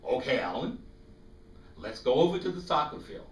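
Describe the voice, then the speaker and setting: A man voicing a gentle, encouraging priest who speaks calmly and kindly, heard from a distance in an echoey room. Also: medium pitch, normal speed, slight background noise, natural voice. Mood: reassuring.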